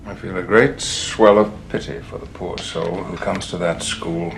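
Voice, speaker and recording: An actor playing a calm older male mentor who speaks with steady resolve in a film scene. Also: low-pitched, moderate pace, gravelly, rough recording. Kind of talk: film dialogue. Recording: film clip with music behind.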